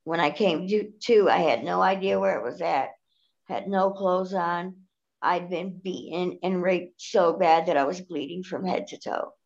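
A woman with a somewhat low voice, giving a personal testimony in an earnest, steady way. The recording sounds dull and lo-fi. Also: measured pace, creaky.

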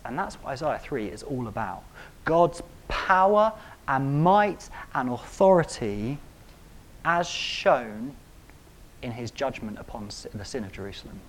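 Man preaching, emphatic and repetitive, builds to loud stressed peaks. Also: medium pitch, slight background noise. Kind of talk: sermon.

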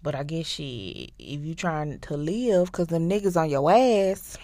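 A woman hosting a podcast, telling a TV plot in a casual, animated and profane way, acting out the characters' lines. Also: low voice, a little slow, no room sound, studio quality. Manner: animated, profane storytelling with acted-out quotes. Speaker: podcast host. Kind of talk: casual recap of a TV series.

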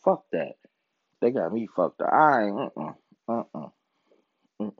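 Animated ranting man, dull dry sound. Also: lowish voice, unhurried, husky. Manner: profane, animated ranting with mocking put-on voices. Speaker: podcast host. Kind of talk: casual monologue.

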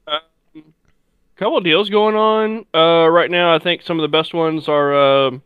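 Man, very clear voice, slightly dull sound, dry, hesitant casual chat. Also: a little high, fairly even intonation, a little slow, no echo. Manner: hesitant, many fillers. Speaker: podcast panelist.

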